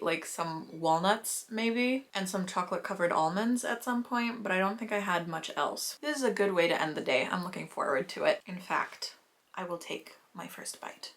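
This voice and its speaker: A young woman vlogging in a casual, chatty way at her family home, sometimes talking while she eats. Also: fairly low pitch. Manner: chatty and relaxed, with filler words and small laughs; talks with her mouth full while eating. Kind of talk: casual vlog chat.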